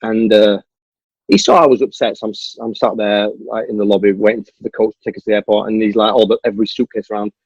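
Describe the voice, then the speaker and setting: Telling a long story as an interview guest, this stuntman and martial artist speaks quickly in a fairly low, husky voice and animatedly acts out the dialogue. The recording is dull, dry and lo-fi.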